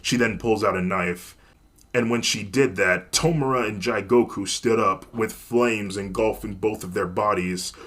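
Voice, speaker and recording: A man narrating a fan story in a plain, even storytelling manner. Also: lowish voice, measured pace.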